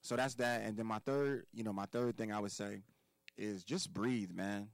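Emphatic lower-voiced man from Philadelphia. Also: fairly even intonation, moderate pace, no echo, low-quality recording. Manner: emphatic, profane and preachy, repeats key words. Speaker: podcast guest. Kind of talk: casual podcast conversation.

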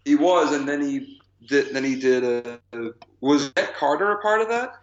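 A man's voice: a little high, animated, normal speed, lo-fi sound, soft background music. A man co-hosting a podcast, chatting casually about films and laughing often. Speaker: podcast co-host. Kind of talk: casual chat.

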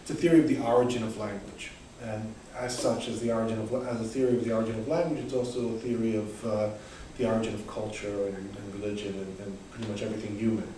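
A man's voice: fairly low pitch, level tone, quick pace, mellow, slight background noise. American man lecturing in an echoey room. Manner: hesitant, many restarts and fillers. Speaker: conference presenter. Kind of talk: academic talk with discussion. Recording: echoey room, voice far from mic.

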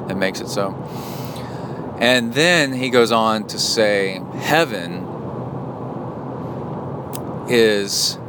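A man hosting a podcast, talking alone in a casual, rambling, reflective way, recorded in a car. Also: on the low side. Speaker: podcast host. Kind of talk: casual solo talk. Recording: road noise from a car.

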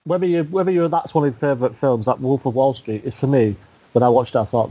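Low husky man, mellow tone. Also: fast talker, poor audio. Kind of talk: casual film chat.

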